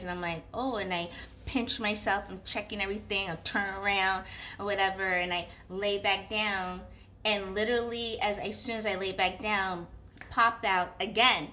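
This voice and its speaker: A young woman casually telling a personal story, animated, with many fillers and acted-out inner dialogue. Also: medium pitch. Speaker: vlogger.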